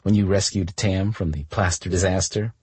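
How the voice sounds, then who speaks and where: A brash, teasing young woman from a romance audiobook, as a male narrator puts her on, her voice lifted well above his own and very breathy. She talks bluntly and playfully, with swings in pitch. The sound is close and dry. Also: fairly even intonation, moderate pace, darkish tone, no echo.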